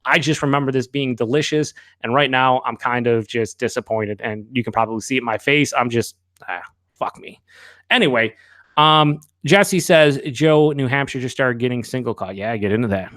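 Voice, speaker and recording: A man's voice: mid-range voice, normal speed, a bit bright, no echo, studio quality. A man hosting a live beer review. He talks casually and candidly, rambles with fillers, swears now and then, and reads out viewers' chat comments.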